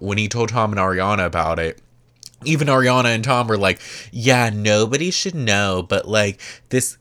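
Male podcast host, lower register, casual gossipy recap, filler-heavy. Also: fairly bright tone. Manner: chatty, peppered with "like", swinging pitch.

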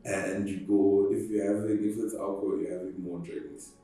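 Deep, gravelly Zimbabwean man, echoey and off-mic. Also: level tone, moderate pace, mellow, recorded from a distance, faint music behind. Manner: reflective, explains at length with short laughs. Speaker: guest. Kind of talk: podcast interview answers.

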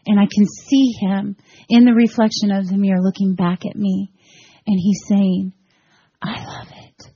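A woman from Florida in her forties, giving a heartfelt personal testimony to a church group, her voice swinging between soft, tearful and excited. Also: medium pitch, breathy edge, dry recording, highs cut off. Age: 40s. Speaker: guest speaker.

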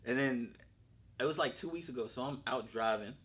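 Bright-voiced storytelling man. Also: medium pitch, fairly quick. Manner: animated storytelling, quoting others, many restarts. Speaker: podcast co-host. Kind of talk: casual chat. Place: studio.

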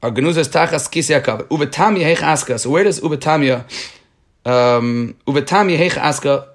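With a voice on the high side and a slightly fast delivery, a man studies a Talmud page as its teacher. He reads the Aramaic out loud, then explains it in English, often restarting his sentences.

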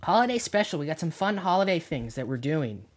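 Lively podcast co-host. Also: mid-range voice, brisk. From Canada. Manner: joking, explains things for listeners. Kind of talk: casual chat.

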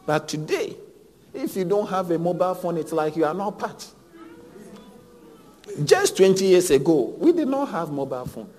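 A man preaching a sermon as pastor, swinging between hushed lines and loud, emphatic repeated phrases. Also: high-pitched, big pitch swings, a little fast. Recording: long hall reverb.

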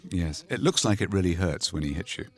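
A man's voice: sits low, animated, a little fast. A man giving informed commentary on a film and prompting his guest with questions. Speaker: film historian co-host of commentary. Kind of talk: commentary interview.

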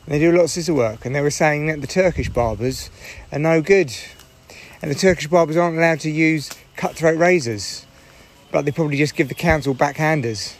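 Hoarse, irritable man ranting in his car. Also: fairly high pitch, brisk. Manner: rambling, irritable, swears freely. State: hoarse from shouting. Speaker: podcast host. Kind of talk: solo podcast chat recorded in a parked car. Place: parked car.

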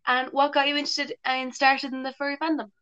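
A woman's voice: high-pitched, flat delivery, quick pace, sharp tone, no room sound. An Irish woman hosting a podcast in casual, chatty interview talk, swearing and laughing easily. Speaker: podcast host. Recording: muffled lo-fi home audio.

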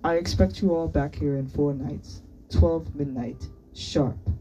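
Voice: mid-range voice, fairly even intonation, measured pace, warm tone, a little hiss or hum, natural voice, low-quality recording. A reader voicing a stern older male teacher who gives formal, clipped commands in a book reading.

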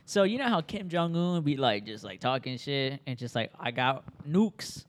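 A man's voice: medium pitch, sing-song, fairly quick. A young man in casual chat with friends, rambling and laughing as he tells stories in slang.

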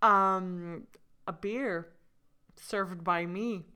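A woman's voice: fairly low pitch, fairly even intonation, drawn-out words, bright, forceful tone, smooth. A woman co-hosting a casual podcast chat, playful and giggly as she reads definitions aloud. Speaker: podcast co-host.

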